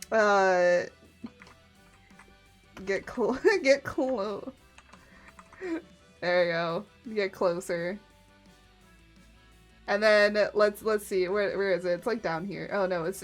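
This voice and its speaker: A woman streaming live in casual chat, giggling often and muttering to herself as she clicks through software. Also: mid-range voice.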